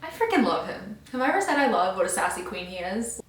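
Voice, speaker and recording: Young woman, bookish vlogger, excitable, gushing, echoey room, a bit off mic. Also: sits high, normal speed, far from the mic. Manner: gushing and excitable, filler-heavy chatter. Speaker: book vlogger. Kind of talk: casual reading vlog reactions. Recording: roomy sound, mic set back.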